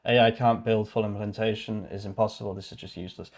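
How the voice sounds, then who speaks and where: A British man with a somewhat low voice talks casually on a livestream. He rambles and thinks aloud, often stopping to correct himself or trail off into mutters. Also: steady tone, fast talker. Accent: British English. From Britain.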